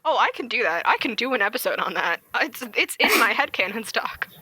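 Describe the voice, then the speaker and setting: Giggly high-voiced woman podcast host. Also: fairly quick, slightly rough, dry recording, poor audio. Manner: giggly, animated, self-interrupting. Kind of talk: casual chat and cold reading of fan fiction.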